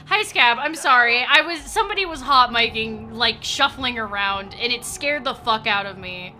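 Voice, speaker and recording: A woman's voice: fairly high pitch, animated, a little slow, pauses often, bright, forceful tone. A young adult woman streaming a game live, chatting casually, swearing freely and yelping when startled. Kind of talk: casual chat while gaming live.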